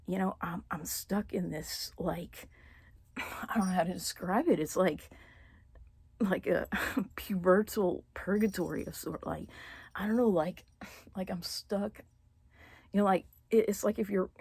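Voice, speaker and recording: A woman vlogging about her feelings, halting with many fillers and dropping into whispers as she holds back tears. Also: fairly low pitch, gravelly, mellow, slightly rough, no echo. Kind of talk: personal confessional vlog.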